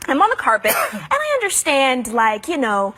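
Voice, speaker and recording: High-pitched woman telling a dramatic story on a talk panel, voice all over the place, faint crowd. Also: wildly swooping pitch, normal speed, a bit bright, slight background noise. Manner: indignant, dramatic retelling. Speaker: red carpet reporter.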